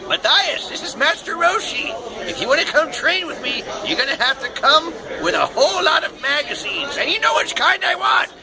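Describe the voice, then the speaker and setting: Sly old lech of a kung fu master, very high and sing-song, phone clip with crowd noise. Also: male voice, big pitch swings, moderate pace, gravelly, heavily acted. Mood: sly, teasing. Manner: high cackling old-man voice, sly and teasing. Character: lecherous old male martial arts master. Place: crowded convention floor. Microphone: phone held at face height. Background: crowd chatter.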